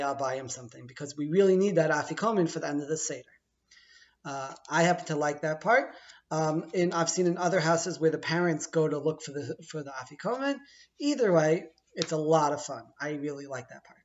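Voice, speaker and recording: A man's voice: on the high side, animated, a little fast, dull audio. A middle-aged man, chatty and playful, walking through a holiday ritual step by step and stopping to rephrase as he explains. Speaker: teacher. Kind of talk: casual explanatory video.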